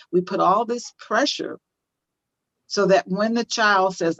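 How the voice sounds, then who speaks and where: A woman's voice: medium pitch, lively intonation, moderate pace, highs cut off. Older woman, emphatic teaching tone. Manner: emphatic, repeats phrases for stress. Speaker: interview guest on parenting. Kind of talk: conversational interview, teaching tone.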